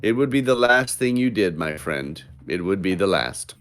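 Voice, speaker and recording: A man voicing a cocky old male historian with mystic powers in a tabletop game, calm, cryptic and self-assured. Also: low-pitched, normal speed, soft background music, pitched below the performer's own voice.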